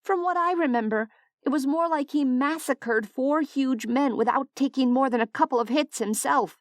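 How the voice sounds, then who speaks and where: A woman voicing a frightened, defiant young woman who shouts in panic and disbelief. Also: high-pitched, moderate pace, dry recording, clean studio sound, pitched above the performer's own voice, lightly acted. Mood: disbelieving.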